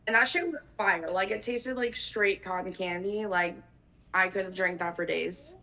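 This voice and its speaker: This is casual chat from a podcast co-host, a twenty-something woman whose stories wander loosely and are full of "like" and casual cursing. She speaks at a normal pace in a mid-range voice that sounds pushed and bright, captured on a rough recording.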